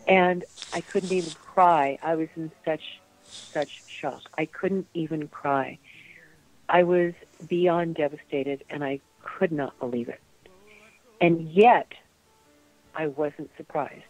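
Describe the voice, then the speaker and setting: A woman recalling personal memories in a soft, halting way, with many pauses, as an interview guest. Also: low voice, dry recording, rough recording. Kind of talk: emotional personal recollection.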